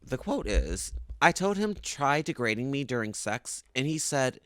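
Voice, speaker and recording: A man's voice: mid-range voice, very animated, normal speed, a bit bright, no echo. A man co-hosting a podcast in casual chat, tossing in teasing quips and reactions, recorded on a studio mic. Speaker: podcast co-host.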